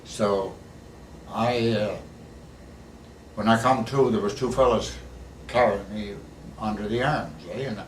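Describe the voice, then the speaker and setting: A man's voice: on the low side, steady tone, slow, long pauses. Older man, plain-spoken veteran storyteller. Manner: plain-spoken, folksy, tags sentences with "eh". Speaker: war veteran interviewee. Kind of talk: casual storytelling interview. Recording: echoey room, recorded from a distance, faint background hiss.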